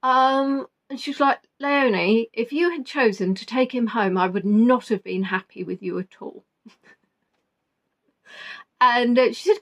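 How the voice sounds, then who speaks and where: A woman's voice: fairly high pitch, unhurried. A woman vlogger telling a story casually and emotionally, rambling and flustered, quoting what others said. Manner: rambling, flustered retelling with quoted dialogue.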